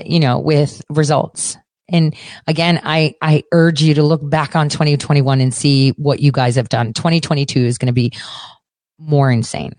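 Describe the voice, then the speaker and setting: A podcast host, a woman with a deep voice, delivers a ranting talk-show monologue that is blunt, sarcastic, and full of swearing. There is no room sound on the recording.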